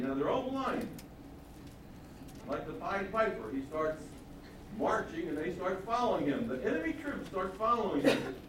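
A man teaches from the Bible, retelling the story with lively acted-out voices. His voice sits a little high. He is recorded from a distance in a very echoey hall with faint background noise. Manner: animated storytelling, acts out voices of the characters. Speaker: preacher.

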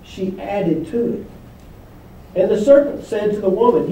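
A man's voice: high voice, expressive, takes it slowly, mellow, a little hiss or hum. A man preaching a sermon as pastor, reading scripture aloud and asking the congregation questions. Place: church hall. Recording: echoey hall, voice from far off.

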